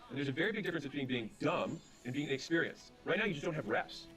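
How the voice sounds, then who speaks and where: A man's voice: mid-range voice, faint music behind. A man speaking on business and sales, telling stories with quoted back-and-forth dialogue, then giving advice. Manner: rapid, animated retelling with quoted dialogue. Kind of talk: storytelling advice talk.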